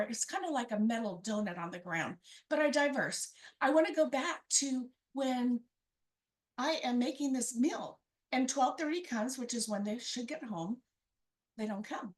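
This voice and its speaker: Woman, high voice, live personal storytelling, wry, conversational. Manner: conversational, wry, acts out family members' quoted lines.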